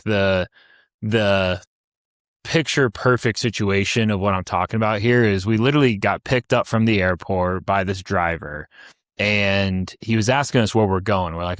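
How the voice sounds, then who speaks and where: Low-voiced man telling a rambling story. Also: measured pace, a bit bright, no room sound, studio quality. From United States. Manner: rambling storyteller, many restarts and fillers. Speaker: podcast co-host. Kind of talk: casual chat, personal travel story.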